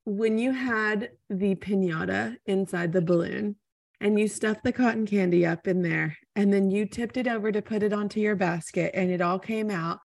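A woman's voice: medium pitch, moderate pace, vocal fry, darkish tone, no room sound, clean studio sound. A woman hosting a podcast interview, chatting enthusiastically in long, run-on thoughts. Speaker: podcast host. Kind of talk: casual interview chat.

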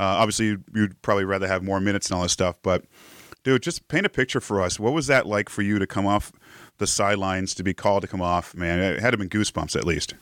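A man's voice: fairly low pitch, a bit bright, no room sound, clean studio sound. A man hosting a live rugby show, chatting casually and laughing often. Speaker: podcast host.

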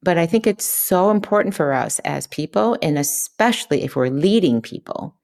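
A woman's voice: lowish voice, animated, normal speed, vocal fry, darkish tone. A woman guest in a conversational interview, talking earnestly and acting out quoted lines. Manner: earnest, acts out quoted dialogue.

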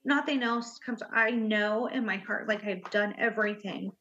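A woman guest telling her own story in an interview, earnest and halting, with many fillers. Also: medium pitch, a bit bright. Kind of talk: personal interview talk. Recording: muffled lo-fi audio.

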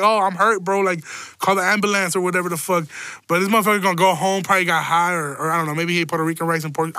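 A man's voice: on the high side, sharp tone, no room sound. A young man, hosting a casual solo rant, rambling and swearing, often breaking into laughter. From Chicago. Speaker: podcast host.

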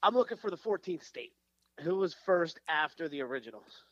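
A man's voice: fairly high pitch, big pitch swings. Rambling man reading trivia, lo-fi sound. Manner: rambling, halting restarts. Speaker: podcast co-host, quizmaster. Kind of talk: casual trivia chat. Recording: dull lo-fi sound.

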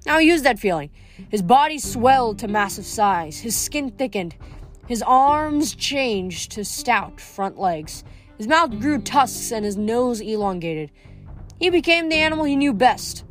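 Woman reading a novel aloud. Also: a little high. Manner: reads with small slips and self-corrections. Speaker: audiobook reader.

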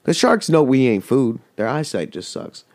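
A man's voice: medium pitch, big pitch swings, normal speed, darkish tone, no echo. A man hosting a podcast, telling a rambling, heavily profane story in casual chat. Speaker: podcast host.

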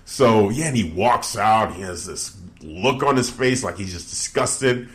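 A man co-hosting a casual podcast chat, talking loosely with lots of fillers and jumping up in pitch when he mocks someone. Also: a little slow, hardly any pauses. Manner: animated, mocking retellings with pitch jumps. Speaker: podcast co-host.

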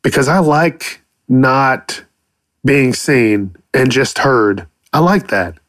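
A man's voice: mid-range voice, expressive, slow, a bit bright, no echo, studio quality. A man hosting a podcast, rambling casually and cursing freely while he muses on voice acting. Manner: profane, rambling, playful silly voices. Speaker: podcast host. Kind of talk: casual solo podcast monologue.

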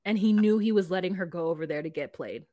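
Animated woman podcast co-host, dry sound. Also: lowish voice, fast talker, no echo. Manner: animated, laughs, mimics people she discusses. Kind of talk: casual recap chat.

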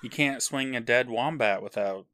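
Aussie guy cohosting a podcast, deadpan jokes, mid pitch, dry mic. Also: moderate pace, no room sound. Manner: dry, wry humor. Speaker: podcast co-host. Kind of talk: casual chat.

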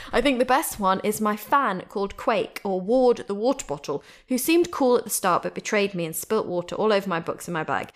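A woman's voice: medium pitch, lively intonation, fairly quick, few pauses. A woman with a British accent hosting a podcast, reading listener emails aloud with bubbly, giggly asides. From Britain. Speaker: podcast host. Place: at home.

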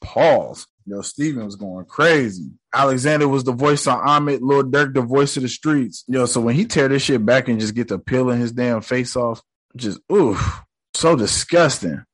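A man's voice: mid-range voice, moderate pace, a bit bright, dry recording. A young man giving a casual, joking recap of a show episode, full of slang and profanity.

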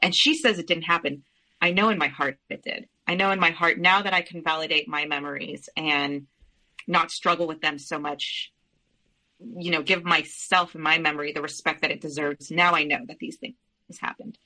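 A woman's voice: low voice, fairly even intonation, moderate pace, sharp tone, rough recording. A woman as a podcast guest, telling a personal family story in an earnest, candid way with frequent restarts.

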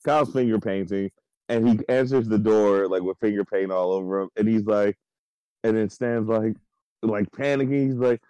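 A man co-hosting a podcast in casual chat, retelling scenes in a rambling, excited way with lots of fillers. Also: fairly low pitch, normal speed, clear, resonant tone, dry recording, low-quality recording. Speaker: podcast co-host.

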